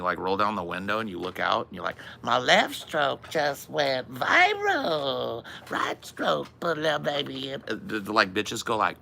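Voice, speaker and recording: A man's voice: deep voice, vocal fry, sharp tone, slight background noise. A man co-hosting a podcast, rambling through a profane, exasperated comedic rant. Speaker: podcast co-host.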